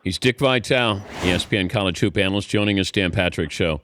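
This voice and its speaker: A man hosting a radio show, asking his guest brief, even-toned questions. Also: low-pitched, quick pace, a little hiss or hum. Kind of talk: radio interview.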